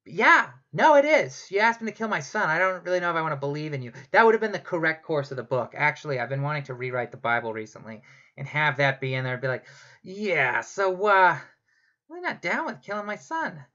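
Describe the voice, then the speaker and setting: A woman's voice: sits low, expressive, fast, a bit bright. A woman doing a profane, rambling comedic rant monologue, full of sarcasm. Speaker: comedic ranter, show host. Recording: dull lo-fi home recording.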